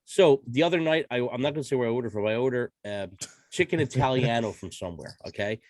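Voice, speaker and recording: A man hosting a casual podcast chat, excitable and profane, laughing often. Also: medium pitch, fast talker, no room sound. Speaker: podcast host.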